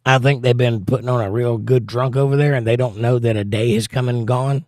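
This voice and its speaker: A man's voice: mid-range voice, steady tone, a little fast, darkish tone, dry recording, clean studio sound. A man hosting a casual livestream, greeting viewers and reading their chat comments aloud in a folksy, chatty way. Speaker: host.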